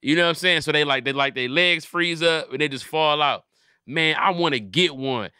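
Man, comedy podcast host, casual profane riffing, bright tone, close dry sound. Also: fairly high pitch, normal speed, clear, resonant tone, dry recording. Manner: profane riffing, acts out little scenes.

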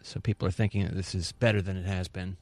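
A man co-hosting, reading news items aloud in a measured, mild, slightly hesitant way. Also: low-pitched, fairly even intonation, a little mellow, dry recording. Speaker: co-host reading news stories. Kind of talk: reading headlines in casual chat.

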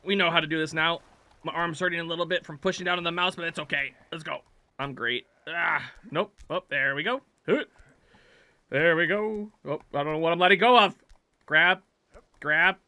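A man doing let's play commentary, yelling at his character and swinging from muttered self-talk to loud shouts. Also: fairly high pitch, brisk, no room sound. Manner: jokey self-talk while playing. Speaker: gaming channel host.

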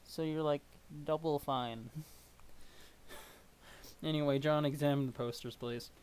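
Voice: medium pitch, steady tone, unhurried, a little mellow, smooth. Rambling, chatty streamer. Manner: rambling, self-deprecating, chatty. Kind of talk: casual live-stream commentary on a webcomic.

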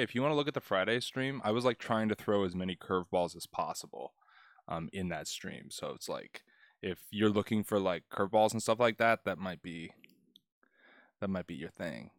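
A young man with a lowish voice runs a relaxed study livestream, chatting easily and greeting viewers by name. The sound is dry and close, with no room echo. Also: moderate pace. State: out of breath. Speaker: test prep tutor streaming live. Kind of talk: casual livestream chat.

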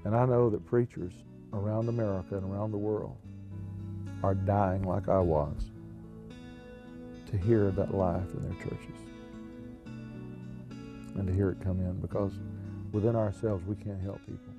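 Deep male pastor, earnest testimony over guitar. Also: steady tone, measured pace, long pauses.

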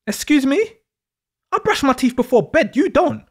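A man's voice: very high voice, lively intonation, normal speed, voice pushed up. A man putting on a touchy young girlfriend. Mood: indignant. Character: young woman, touchy girlfriend, sensitive about hygiene.

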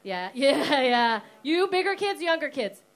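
A woman's voice: sits high, sing-song, unhurried. A woman doing stand-up in a comedy club, teasing the crowd and swearing freely. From Canada. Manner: brash, sweary, teasing the audience. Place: comedy club stage with audience laughter.

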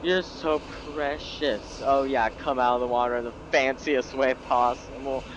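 A man's voice: medium pitch, level tone, normal speed, muffled recording, background noise. Exasperated man narrating his sinking ship. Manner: self-mocking, exasperated. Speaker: gameplay video creator. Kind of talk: gameplay commentary.

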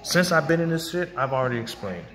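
A man's voice: fairly high pitch, sing-song, quick pace, over music. A man ranting hotly to camera as a vlogger, profane and confrontational, now and then mocking others in put-on voices. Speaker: vlogger and music producer.

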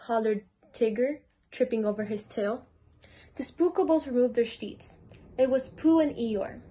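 A woman's voice: fairly high pitch, moderate pace, dark tone. A teenage girl reading a children's storybook aloud as a mentor, sometimes stumbling and restarting words. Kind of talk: children's book read-aloud.

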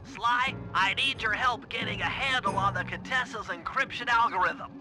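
In a video game, an actor gives an extremely high-pitched male voice at normal speed to a brainy, fussy turtle tech genius. The character patiently explains plans step by step in an instructing mood. It's game audio with music playing underneath.

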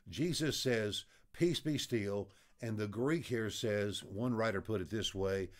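A man's voice: medium pitch, darkish tone. Middle-aged male pastor, storytelling devotional preacher, mid-range voice. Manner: storytelling, acts out voices in anecdotes. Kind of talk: devotional sermon.

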